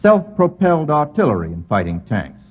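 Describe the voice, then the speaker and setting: A man moderating a live radio quiz show, a brisk questioner who chuckles at the panel's answers. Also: on the high side, huge pitch swings, faint music behind. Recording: dull 1940s radio broadcast recording.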